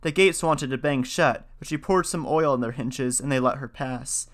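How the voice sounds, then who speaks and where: A man reading a folktale aloud in a steady, measured voice, then talking through it in a casual lecture. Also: medium pitch. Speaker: storyteller and lecturer.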